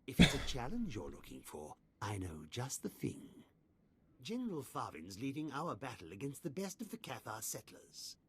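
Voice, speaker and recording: Brisk Imperial officer. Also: male voice, mid-range voice, huge pitch swings, a crowd in the background. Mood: commanding. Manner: brisk, commanding. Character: brisk male Imperial officer giving orders. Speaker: quest-giver.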